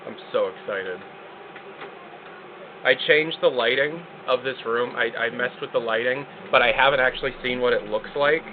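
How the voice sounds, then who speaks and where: A man hosting a live stream, chatting excitably and joking with casual swearing. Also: medium pitch, brisk, few pauses, narrow, tinny audio, background noise. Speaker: streamer host.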